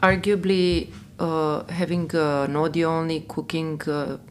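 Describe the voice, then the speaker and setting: A woman's voice: low-pitched, flat delivery, unhurried, slight background noise. A woman hosting a casual interview, speaking in a thoughtful, hesitant way with "uh" fillers. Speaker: podcast host.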